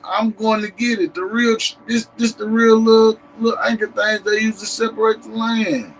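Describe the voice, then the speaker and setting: A man with a Tennessee accent showing off maps and artifacts in a casual vlog, animated and emphatic, breaking into shouts. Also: high-pitched, normal speed, a little hiss or hum, low-quality recording. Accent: Southern US, Tennessee. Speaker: history vlogger. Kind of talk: excited casual show-and-tell.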